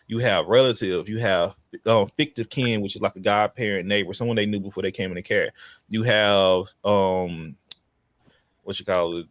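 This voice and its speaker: A man casually telling stories as a podcast guest about his child welfare work, in an animated, slangy way. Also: no room sound. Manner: animated, slangy, breaks into high excited quoted voices. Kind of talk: casual storytelling chat.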